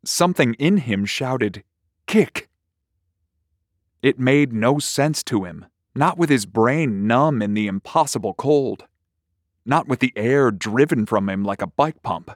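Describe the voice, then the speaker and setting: A man narrating a short story in a slow, measured, deliberate reading. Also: mid-range voice, lively intonation, no echo, studio quality.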